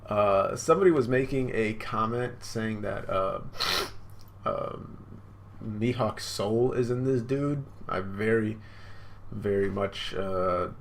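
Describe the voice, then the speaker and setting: A man's voice: fairly low pitch, takes it slowly, a little hiss or hum. A man hosting a live manga reaction, rambling and unsure, with lots of fillers.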